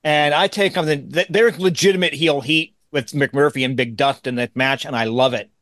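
A man co-hosting a casual podcast, his voice sitting a bit high. He talks emphatically, curses freely and stumbles into restarts. The sound is dry and close. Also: moderate pace, a bit bright, dry recording. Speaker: podcast co-host. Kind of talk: casual chat.

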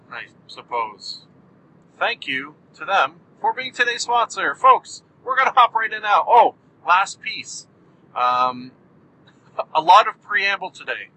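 Bright, edgy-voiced male podcast host joking his way through a solo show from the driver's seat. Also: sits high, sing-song, slow pace, slight background noise, rough recording. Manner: goofy, jokey, rambling. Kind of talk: casual solo monologue. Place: in a moving car.

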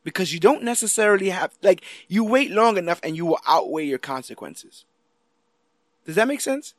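A man's voice: high voice, sing-song, moderate pace, no room sound. A man in casual podcast chat, recapping TV scenes with animation and acting out the characters' lines. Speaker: podcast co-host.

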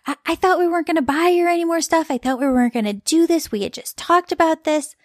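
A woman's voice: very high voice, fast talker, no room sound, clean studio sound, pitched above the performer's own voice. A woman voicing her critical, irritated husband in an exasperated, scolding tone.

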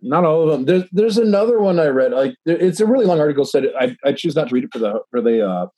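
A tipsy man co-hosting a casual podcast, reading news articles aloud in a slightly husky voice. He rambles, swears freely and keeps restarting his sentences. The sound is dry and close. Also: fairly high pitch, very animated, quick pace, dark tone, dry recording. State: tipsy from drinking.

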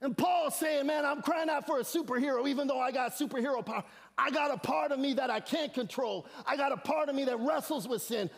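A man preaching an animated sermon as a guest speaker, with slangy asides and shouted emphasis. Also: very high-pitched, fairly quick, creaky, hardly any pauses, big-room sound. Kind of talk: energetic sermon. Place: church sanctuary.

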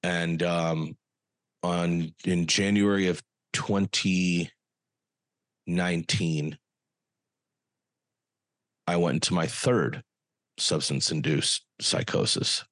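A man speaking as a podcast guest, telling a personal story in an earnest, halting way with frequent pauses. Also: sits low, steady tone, a bit bright, dry recording.

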